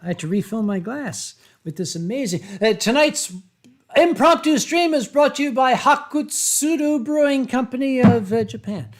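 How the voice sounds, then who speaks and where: A man from Pennsylvania hosting a casual livestream from home, reading viewer comments and telling stories with drawn-out dramatic emphasis into a webcam mic. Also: extremely high pitch, lively intonation. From Pennsylvania, USA. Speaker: livestream host.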